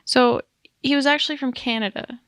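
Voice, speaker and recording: Woman co-host, casual and chatty, laughs at her own tangents, vocal fry, dry recording. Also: sits high, fairly even intonation, a little fast, a bit bright, no echo. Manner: chatty, giggly, rambling asides. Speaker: podcast co-host. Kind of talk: casual chat.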